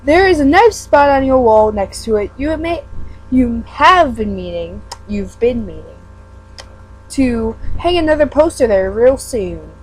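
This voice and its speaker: A woman's voice: on the high side, big pitch swings, unhurried, slight background noise, rough recording. A woman giving a casual read-aloud of a webcomic. She stumbles over words and breaks off into self-mocking asides. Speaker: fan reader.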